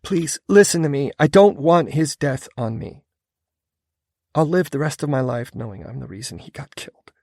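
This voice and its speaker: A man voicing a wounded, stubborn young woman in an audiobook, pleading and anguished, sometimes yelling. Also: on the high side, normal speed, no room sound, clean studio sound, pitched above the performer's own voice. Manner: pleading and anguished, rising to yells. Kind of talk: audiobook character voice.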